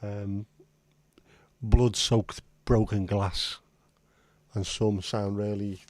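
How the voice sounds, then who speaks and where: A man's voice: lowish voice, little pitch movement, drawn-out words, darkish tone, no echo. A man hosting a livestream in casual, rambling chat, blunt and now and then swearing. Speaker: livestream host.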